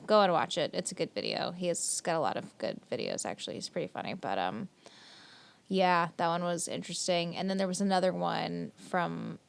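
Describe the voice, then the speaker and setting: A woman's voice: on the low side, vocal fry, smooth. A young woman co-hosting a podcast, retelling a story in casual chat with lots of fillers and swearing. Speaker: podcast co-host.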